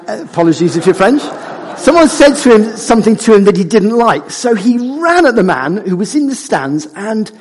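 A man preaching a sermon, conversational and animated, joking with the congregation. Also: high voice, husky. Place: church hall. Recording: church hall with long reverb.

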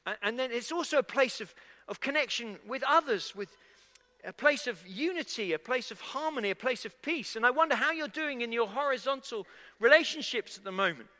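A man's voice: very high-pitched, expressive, brisk, sharp tone. A man preaching a sermon to a congregation, talking conversationally and asking them questions. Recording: echoey hall with long reverb.

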